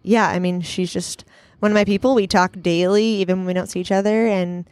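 A woman's voice: lowish voice, fairly even intonation, brisk, a little mellow, no echo. A young woman hosting a casual faith chat, telling earnest, rambling stories. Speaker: podcast host.

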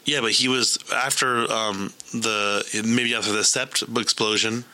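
A man with a lowish voice that sounds strikingly bright and forceful, chatting casually as a host. He recaps a TV episode with animated storytelling and slips into the characters' lines. The delivery stays loose and conversational. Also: measured pace, rough recording. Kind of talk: casual chat.

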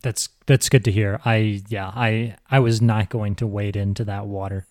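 Male podcast host, fairly low voice, halting explainer, dry mic. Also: steady tone, a little mellow, no echo. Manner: halting, many restarts, explaining history. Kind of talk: casual chat.

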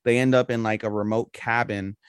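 A man's voice: on the low side, fairly even intonation, a little fast, smooth, dry recording, studio quality. A man co-hosting a podcast, chatting casually and rambling through a plot recap with loose, profane talk. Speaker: podcast co-host. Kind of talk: casual anime review chat.

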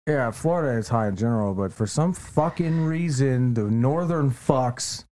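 A young man co-hosting a casual podcast. His voice is mellow and mid-pitched, and his manner is blunt, with ranting complaints and heavy swearing. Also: expressive, normal speed. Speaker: podcast co-host.

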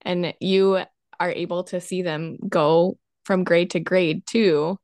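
A woman's voice: on the low side, fairly even intonation, slow pace, a little mellow, no echo. A woman interviewing a guest, asking questions and reacting in a friendly, encouraging way. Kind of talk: casual interview.

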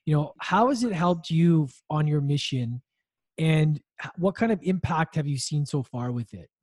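A man's voice: on the high side, expressive, moderate pace, a little mellow, husky, no echo. Male podcast host, encouraging questioner, dry close mic. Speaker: interview host. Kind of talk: podcast interview.

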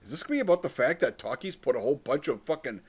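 A man's voice: mid-range voice, animated, racing, a little mellow, slightly rough. A man in his thirties, co-hosting a casual film chat, swearing freely and laughing often. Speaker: podcast co-host.

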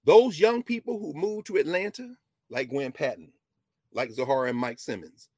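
A man giving an impassioned history lecture, moving between quiet asides and loud emphatic bursts. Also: fairly high pitch, normal speed, no echo.

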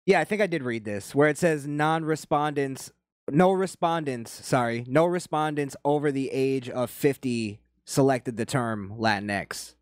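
Man, heated ranting commentary, swears freely, mid pitch, dry close sound. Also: a little slow, no echo. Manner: heated, profane, ranting delivery. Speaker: commentary channel host.

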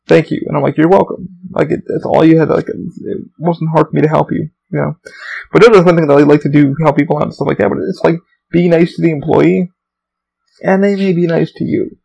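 A young man talks through a casual podcast monologue, drifting from story to story and swearing freely. His voice sits a bit high for a man. A gravelly fry runs through his delivery. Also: darkish tone, slight background noise, rough recording. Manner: profane, meandering storytelling. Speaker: podcast host.

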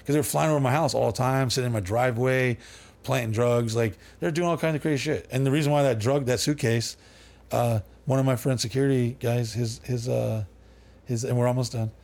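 A man's voice: mid-range voice, steady tone, a little fast, gravelly, darkish tone. A man as a podcast guest, telling long rambling stories with lots of swearing, fillers and restarts. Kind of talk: casual storytelling.

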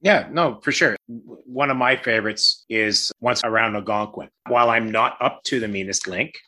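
A man's voice: medium pitch, moderate pace, sharp tone. A man hosting an interview in a casual, easygoing way. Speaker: podcast host.

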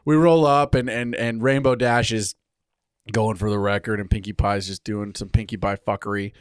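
A man from California co-hosting a casual podcast about a cartoon, animated and sweary, recording in a tiny studio. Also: lowish voice, normal speed, clear, resonant tone, dry recording. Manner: animated, swears, acts out characters in quotes. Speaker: podcast co-host. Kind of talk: casual chat. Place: tiny studio on a wind farm.

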